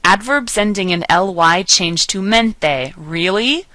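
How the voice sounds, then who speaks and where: A woman giving a recorded lecture as a language teacher, patient and explanatory, slowing down to enunciate example words clearly. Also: mid-range voice, animated, pushed and bright, dry recording, rough recording. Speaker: Spanish teacher.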